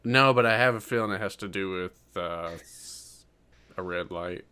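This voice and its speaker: A man's voice: sits low, moderate pace, pushed and bright, smooth. A man co-hosting a podcast in casual chat, rambling and hedging with lots of fillers. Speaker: podcast co-host.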